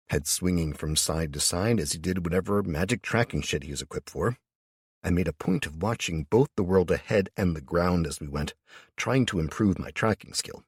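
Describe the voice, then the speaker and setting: Male audiobook narrator, low husky voice, relaxed profane first-person delivery, dry sound. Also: dry recording.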